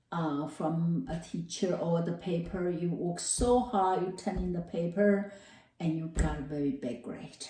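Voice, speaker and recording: A woman's voice: fairly low pitch, dark tone. A woman professor giving a classroom lecture, explaining terms through everyday examples and checking whether her students follow. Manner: explains with everyday examples, repeats key terms, asks if it makes sense. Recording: roomy, distant mic.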